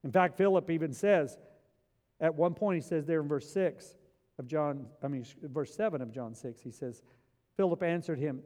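A male preacher giving a sermon in a church, animated, repeating words as he acts out biblical scenes. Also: a little high, unhurried. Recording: long hall reverb.

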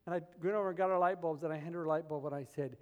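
A man preaching a sermon as pastor, telling stories with animated humor. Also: on the high side, rapid-fire, highs cut off. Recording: long reverb of a large hall.

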